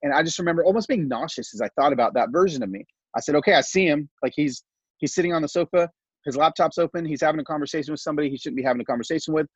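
A middle-aged podcast guest shares a personal story, animated, heartfelt and casual, tripping over filler words as he talks very fast. His husky voice sits slightly high. The recording is dry and a bit dull.

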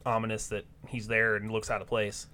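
A man's voice: fairly low pitch, completely flat delivery, brisk, sharp tone. A man hosting a casual podcast chat, rambling with many ums and restarts. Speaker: podcast host.

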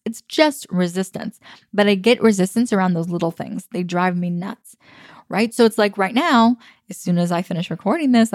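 A woman's voice: medium pitch, a little mellow, dry recording, studio quality. A woman in her thirties hosting her own podcast, talking casually and upbeat, laughing easily. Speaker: podcast host. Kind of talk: casual solo podcast talk. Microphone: computer recording.

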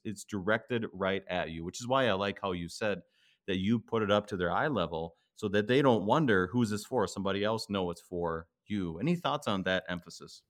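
A pastor talks in a thoughtful podcast conversation, slowing down to lean on the words that matter. His voice sits somewhat low for a man. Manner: thoughtful, slows down to stress key words.

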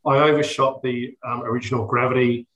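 A man's voice: mid-range voice, level tone, a little fast, a bit bright, poor audio. Rambling self-deprecating man, casual chat. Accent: Australian. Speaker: guest home brewer.

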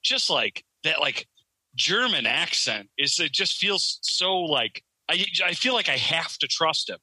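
A man's voice: on the high side, expressive, unhurried, bright, forceful tone, breathy edge, dry recording, rough recording. A man co-hosting a podcast, telling stories in a rambling, profane way and laughing mid-sentence. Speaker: podcast co-host. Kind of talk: casual banter.

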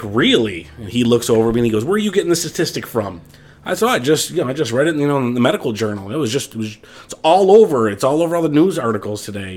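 A man on a podcast spinning a bar story at a quick clip, voice at a middling pitch. He jumps into quoted lines of dialogue as he goes, talking loosely and casually among friends. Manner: fast, animated anecdote-telling with quoted dialogue. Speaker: podcast co-host.

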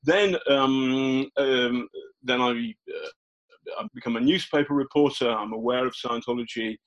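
An older man recounts his reporting days in a loose, conversational way, stopping and restarting often with plenty of ums. His voice sits at an ordinary middle pitch. It sounds like a remote podcast guest. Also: dull audio. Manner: halting, many fillers and restarts. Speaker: guest journalist. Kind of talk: casual interview storytelling.

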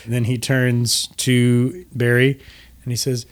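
A man's voice: medium pitch, little pitch movement, slow. A man narrating scenes as game master of a tabletop game, describing the action with small restarts.

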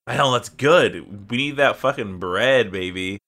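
A man hosting a casual gaming podcast, telling stories in a lively way and swearing freely. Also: mid-range voice, measured pace. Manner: animated storytelling, swears freely. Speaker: podcast host and guild recruiter.

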